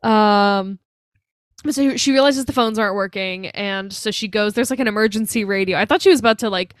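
A woman in her twenties co-hosting a podcast, retelling scenes in a chatty, animated way full of "like.". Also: medium pitch, fairly quick, dry recording, studio quality. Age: 20s. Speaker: podcast co-host. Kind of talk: casual chat.

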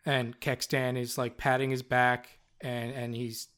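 A man with a Newfoundland accent narrating a tabletop game as game master, in a relaxed way with many fillers. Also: mid-range voice, measured pace, smooth.

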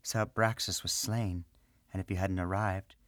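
A man voicing a calm, gracious female high priestess in a storybook reading, soft and courteous. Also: measured pace, no echo. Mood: shaken, gracious.

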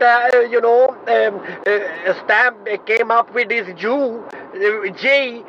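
A man filming himself outdoors, telling a rambling story to camera in a halting way, with many fillers and frequent swearing. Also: very high voice, lo-fi sound, slight background noise. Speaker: vlogger. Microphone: self-filmed camera.

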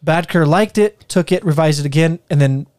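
A man co-hosting a casual history podcast, talking through his notes in a relaxed, loose way. His voice sits a bit high but mellow and dark, in a dry, close recording. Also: normal speed, no echo. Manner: relaxed, retells history from notes with fillers and laughs. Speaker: podcast co-host.

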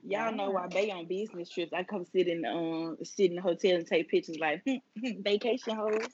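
A woman's voice: on the low side, fairly even intonation, brisk, a little mellow, breathy edge, dry recording. A woman from Mississippi with a Mississippi accent, in a profane, laughing casual group chat over a video call. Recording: dull lo-fi call audio with faint noise.

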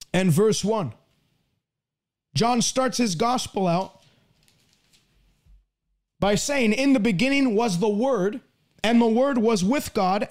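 A man preaching a sermon, reading scripture aloud with slow, emphatic stresses. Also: sits high.

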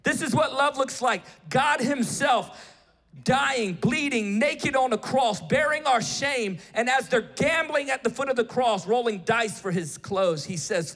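A male preacher giving an impassioned sermon, swinging between shouted appeals and hushed storytelling. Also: extremely high pitch, measured pace, in a large hall.

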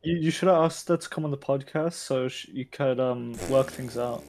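A man's voice: mid-range voice, moderate pace, a little mellow, a little hiss or hum. A young man co-hosting a podcast, chiming in with teasing jokes in casual chat. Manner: teasing, joking interjections. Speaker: podcast co-host.

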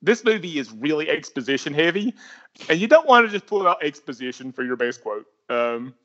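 Lively high-voiced man, bright tone. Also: fairly quick, lo-fi sound. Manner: animated, thinking aloud with restarts. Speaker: podcast co-host. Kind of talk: casual movie discussion.

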